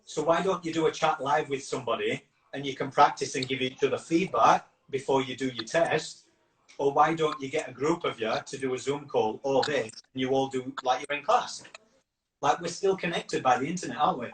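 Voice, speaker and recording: A man's voice: medium pitch, fairly quick, fairly bright tone, slight background noise. A man hosting a casual live video chat, talking earnestly and rambling, restarting his sentences as he goes. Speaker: campaign founder and host. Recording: roomy echo, distant from the mic.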